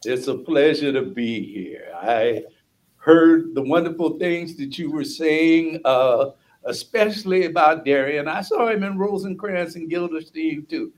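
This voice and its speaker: An older actor appearing as a podcast guest, talking in a relaxed, conversational way. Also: male voice, a little high, unhurried. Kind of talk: casual interview.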